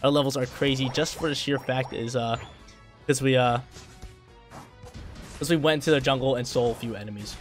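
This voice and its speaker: Male gaming creator, mid pitch, quick trash-talk commentary. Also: soft background music. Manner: hyped, trash-talking, repeats phrases. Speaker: gameplay commentator. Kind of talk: live gameplay commentary.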